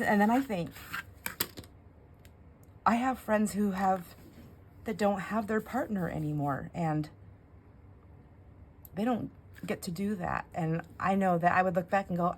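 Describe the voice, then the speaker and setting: Low-voiced woman chatting while crafting. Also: normal speed, long pauses, slight background noise. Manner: rambling, self-talk with fillers and laughs. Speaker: craft vlogger. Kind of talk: casual chat while crafting.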